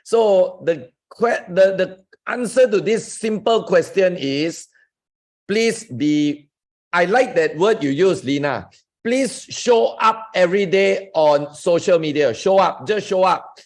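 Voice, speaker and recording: A man's voice: high-pitched, expressive, slow. A man hosting a Zoom session as a network marketing coach, giving an emphatic, enthusiastic motivational talk and addressing listeners directly. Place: online Zoom group call. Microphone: video call.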